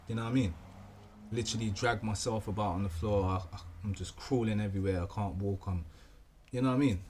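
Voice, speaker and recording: A man's voice: medium pitch, slight background noise. Rambling man telling a story. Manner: rambling, repeats himself, says "you know what I mean". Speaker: vlogger. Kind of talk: casual storytelling.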